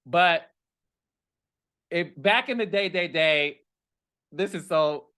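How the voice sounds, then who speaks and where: A man's voice: slow pace, pushed and bright, clean tone. A man hosting a reality TV gossip commentary, dramatic and sassy, talking straight to his viewers. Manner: dramatic, sassy, addresses viewers directly, leaps to high exclamations. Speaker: host of a reality TV gossip show. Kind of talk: animated casual commentary.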